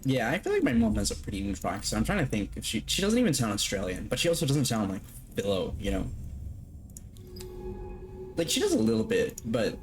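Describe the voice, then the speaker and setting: A man's voice: medium pitch, very animated, brisk, faint music behind. A young man streaming a game from home, chatting loosely with his audience, swearing casually and laughing often. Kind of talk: casual live-stream chat while gaming.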